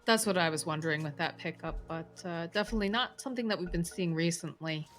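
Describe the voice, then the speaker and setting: A woman giving lively, chatty play-by-play esports commentary on a headset, with quick reactions. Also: lowish voice, faint music behind.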